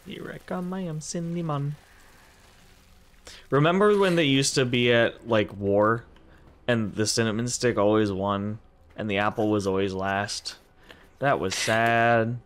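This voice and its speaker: A man's voice: on the low side, unhurried, fairly bright tone, clean tone. A middle-aged man playing a video game with his daughter, cracking dry jokes. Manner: dry, wisecracking. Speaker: player of the game. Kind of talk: casual let's-play banter.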